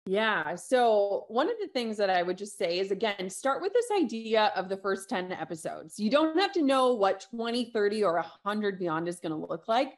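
A woman guest on an interview show, talking casually and telling animated stories with quoted asides. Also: mid-range voice, moderate pace, hardly any pauses. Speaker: podcast host and guest.

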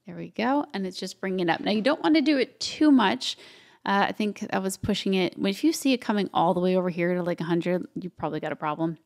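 Woman, tutorial host, gravelly fry, casual step-by-step talk with asides to viewers. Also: mid-range voice, darkish tone. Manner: chatty, talks while working, with asides to viewers. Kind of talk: casual screen-share editing tutorial.

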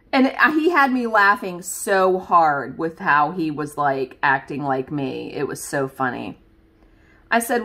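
A woman's voice: on the low side, lively intonation, a little slow, bright, forceful tone. A woman chatting casually to viewers as she works on a craft, rambling with lots of fillers and laughs. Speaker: craft video host. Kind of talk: casual chat while crafting.

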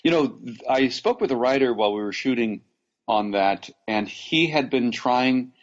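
Heard through lo-fi sound, an LA actor speaks at medium pitch and a moderate pace. During a casual podcast interview he tells extended stories, frequently restarting, leaning on fillers and laughing often.

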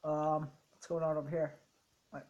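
Lowish woman's voice, chatty let's-play talk, rambles and brags playfully. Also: level tone, normal speed, darkish tone, lo-fi sound. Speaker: co-host and player of a gaming channel. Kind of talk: casual let's-play commentary.

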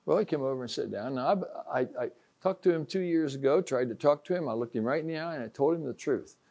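A man's voice: mid-range voice, lively intonation, fast, gravelly, darkish tone. An older man from Ohio preaching an informal sermon, folksy, telling stories and acting out the voices he quotes.

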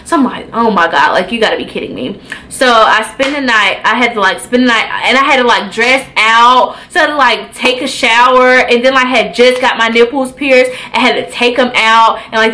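Bright-voiced young woman telling a storytime. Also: a little high, rough recording. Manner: animated, profane, acts out her own reactions. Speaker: beauty vlogger. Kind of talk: casual storytime.

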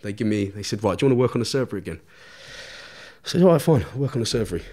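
A man's voice: on the low side, expressive, rapid-fire, a little mellow. A man telling a long story as a podcast guest, swearing constantly and laughing as he goes. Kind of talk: storytelling in casual chat.

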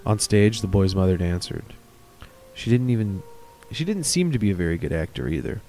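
Man, low voice, animated, reading a horror story aloud, casual asides. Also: brisk, soft background music. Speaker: reader of stories.

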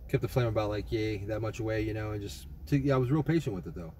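A man's voice: fairly low pitch, fast talker, mellow, a little hiss or hum. A young man casually rambling through a trip report, swearing often and full of fillers and restarts. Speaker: vlogger.

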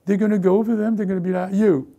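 A man preaching a lively sermon as pastor, often repeating himself and acting out what people say. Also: sits high, very fast, gravelly. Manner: animated, repeats words, acts out characters. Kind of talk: lively sermon with acted-out voices.

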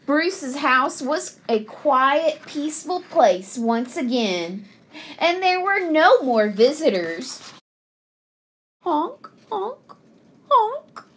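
A woman reading a picture book aloud to children, expressive and sing-song. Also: high voice, takes it slowly. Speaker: children's story reader.

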